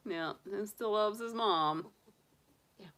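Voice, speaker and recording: A woman's voice: medium pitch, takes it slowly, fairly bright tone, slight background noise. A middle-aged woman chatting casually on a livestream and cooing baby talk to her pet rabbit. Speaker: tarot reader and astrologer.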